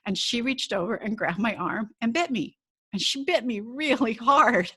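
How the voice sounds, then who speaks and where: A woman's voice: mid-range voice, fairly bright tone. A middle-aged woman hosting a solo podcast, telling a personal story in a chatty way with laughs. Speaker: podcast host.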